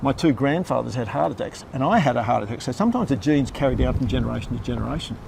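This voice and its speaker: Quick-talking Australian storyteller, older man. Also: medium pitch, expressive, gravelly, background noise. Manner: wry, self-deprecating humour. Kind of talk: live storytelling on stage. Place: theatre stage before an audience.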